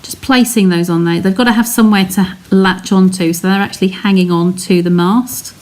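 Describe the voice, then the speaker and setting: A woman's voice: mid-range voice, steady tone, a little fast, darkish tone, a little hiss or hum. An English woman giving a live card-making demonstration, chatting casually and narrating each step while answering viewers' comments. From England. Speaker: craft demonstrator.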